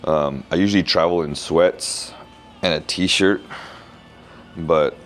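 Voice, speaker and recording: A man, a keynote speaker, chatting casually in a travel vlog and thinking out loud in a rambling way. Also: deep voice, takes it slowly, soft background music.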